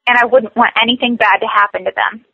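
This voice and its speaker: A woman coaching a tapping session, speaking slow, repetitive scripted phrases. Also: fairly high pitch, steady tone, creaky, slightly rough, no echo, muffled recording.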